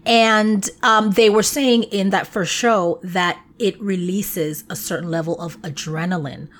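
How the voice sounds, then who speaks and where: A woman's voice: mid-range voice, fairly even intonation, a little slow, a bit bright. A middle-aged woman from the Dominican Republic co-hosting a podcast in casual chat, enthusiastic and repeating phrases for emphasis. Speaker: podcast co-host.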